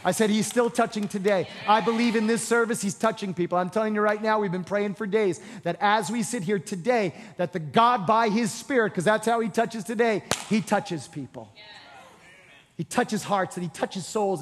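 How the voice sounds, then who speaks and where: A man's voice: sits high, moderate pace. A man preaching a sermon to a congregation, repeating phrases and building to passionate exhortation. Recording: long hall reverb.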